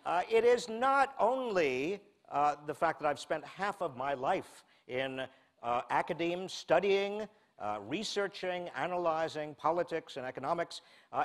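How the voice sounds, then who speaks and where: A man in his sixties from the United States giving a humorous public lecture, telling a wry self-mocking story with deadpan asides. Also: a little high. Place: lecture hall before a live audience.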